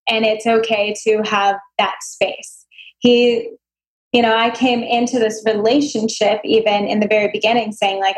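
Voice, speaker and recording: A woman's voice: on the high side, rough recording. A young adult woman speaking as an interview guest, earnest and reflective, with a lot of emotional self-help wording. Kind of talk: casual interview chat.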